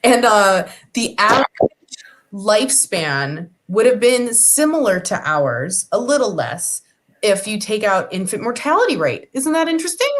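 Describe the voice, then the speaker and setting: A woman joins a talk show from home, chatting with animated energy. Her mid-range voice tumbles from one story into the next. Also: medium pitch, moderate pace. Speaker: guest. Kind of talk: casual chat. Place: home, remote video call.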